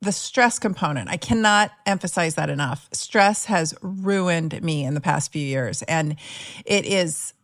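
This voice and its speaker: A woman hosting a podcast in casual conversation, emphatic and animated when telling stories. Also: lowish voice, measured pace. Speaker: podcast host.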